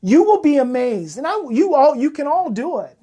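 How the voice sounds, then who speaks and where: A man, a parenting coach and host, giving a heartfelt motivational talk to parents. He talks emotionally and earnestly, repeats his phrases, and often turns soft and soothing. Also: very high-pitched, big pitch swings, normal speed.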